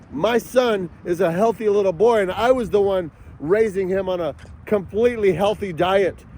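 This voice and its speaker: Furious man yelling, high voice. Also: a little hiss or hum. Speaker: father vlogging about a custody battle. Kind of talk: angry outdoor rant to camera.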